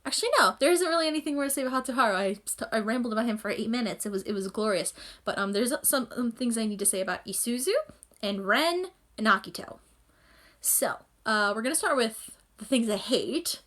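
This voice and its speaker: A woman with a slightly high voice gushes and rambles through an anime reaction in casual vlog chat. She talks into a phone at home, getting carried away with enthusiasm. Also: lively intonation, a little fast, fairly bright tone.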